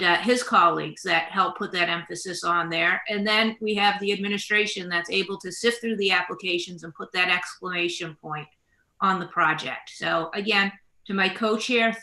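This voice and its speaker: A woman state representative and committee co-chair giving earnest prepared remarks, halting often with fillers and restarts. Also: medium pitch, sharp tone, roomy sound. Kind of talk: prepared remarks at a press event.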